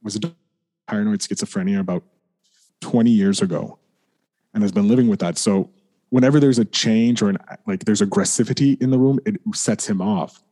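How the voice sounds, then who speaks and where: Low, mellow-voiced man telling a personal story. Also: fairly quick. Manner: rambling, heavy use of "like", frequent restarts, swears and apologizes. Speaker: podcast guest.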